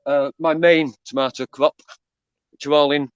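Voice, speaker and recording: Deadpan man with a Northwest England accent. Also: fairly high pitch, normal speed, clear, resonant tone, no echo, lo-fi sound. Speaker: guest gardener. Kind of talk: casual chat. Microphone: video call.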